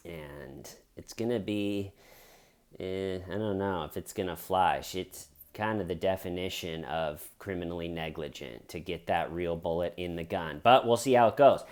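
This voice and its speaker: A man's voice: low-pitched, normal speed, a little mellow. A man giving comedic true crime commentary in a sarcastic, jokey way.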